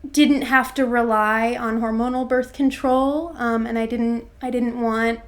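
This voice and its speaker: A young woman in her twenties with a fairly high voice tells a personal story in an interview. She speaks reflectively and haltingly, pausing on fillers and restarting her sentences as she thinks. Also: fairly even intonation. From Florida, USA. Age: 20s.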